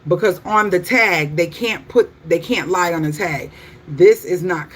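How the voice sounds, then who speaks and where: A woman's voice: low voice, fairly even intonation, unhurried, a little hiss or hum. Exasperated woman venting to her viewers. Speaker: vlogger. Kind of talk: casual chat to viewers. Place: home.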